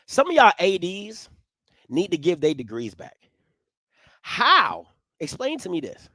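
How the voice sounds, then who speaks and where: A man hosting a live sports talk stream, swinging from low musing to loud, animated ranting. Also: a little slow, no echo. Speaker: sports commentary host.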